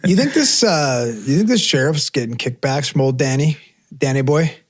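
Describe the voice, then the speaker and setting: Guy with a higher voice teasing his buddy on a podcast, swears a lot. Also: moderate pace. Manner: ribbing, profane, animated teasing. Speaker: podcast co-host. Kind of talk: casual podcast banter.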